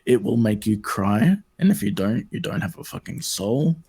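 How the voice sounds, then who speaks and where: Guy with a raspy voice chatting on a call, swears to make a point. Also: mid-range voice, big pitch swings, normal speed, dark tone. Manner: emphatic, swears for stress. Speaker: guest. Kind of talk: casual chat.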